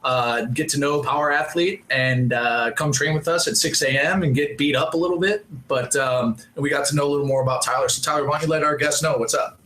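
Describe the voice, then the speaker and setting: A man's voice: fairly high pitch, steady tone, fairly quick, hardly any pauses, sharp tone. A man hosting a podcast in casual, joking banter with guests. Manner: joking, hype-style banter. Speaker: podcast host. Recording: echoey room.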